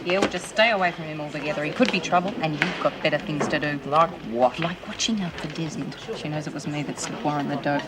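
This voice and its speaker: A woman's voice: deep voice, quick pace, hardly any pauses, heavy background noise, lightly acted. An actress playing a controlling female inmate boss, talking in a smug, conspiratorial way. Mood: scheming.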